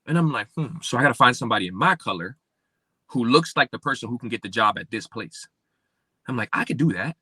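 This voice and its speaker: Bright-voiced man telling his story. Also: expressive, fast, husky, dry recording. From Pennsylvania. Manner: acts out remembered dialogue with big pitch swings. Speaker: podcast guest. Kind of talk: personal storytelling in an interview.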